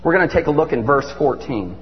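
A middle-aged man preaching a sermon with animated, emphatic storytelling. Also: fairly high pitch, quick pace. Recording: dull lo-fi recording in a reverberant hall with faint hum.

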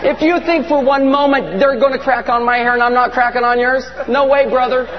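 A man's voice: extremely high pitch, fairly even intonation, a little fast, big-room sound, muffled recording, crowd noise, noisy background. A man preaching a comic sermon in a large church, joking and teasing his audience. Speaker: pastor.

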